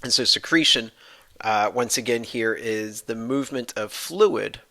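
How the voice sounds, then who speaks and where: Slow, gravelly man lecturing. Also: mid-range voice, sharp tone. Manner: explanatory, repeats and restates points, frequent fillers. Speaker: anatomy and physiology professor. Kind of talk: recorded lecture.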